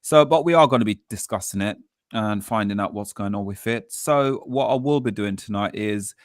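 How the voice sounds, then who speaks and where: Male host, animated storyteller, dry close mic. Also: fairly low pitch, normal speed, no room sound. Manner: animated storytelling, acts out quotes. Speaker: podcast host. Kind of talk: casual fan chat show.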